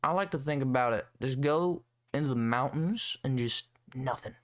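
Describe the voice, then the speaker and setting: A man's voice: medium pitch, moderate pace. A young man hosting a solo podcast, rambling and swearing in a sarcastic, casual rant. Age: young adult. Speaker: podcast host.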